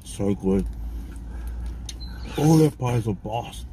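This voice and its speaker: A man's voice: lowish voice, animated, slow, dark tone, a little hiss or hum. A man, co-hosting a mukbang, who jokes and banters in slangy casual chat while he eats. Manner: joking, banters back, uses local slang. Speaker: mukbang co-host.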